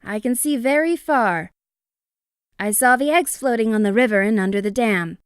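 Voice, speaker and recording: A woman voicing a brisk, helpful female hawk in a storybook. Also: fairly high pitch, clear, resonant tone, no room sound, clean studio sound, close to an everyday voice. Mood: confident. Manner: brisk, confident.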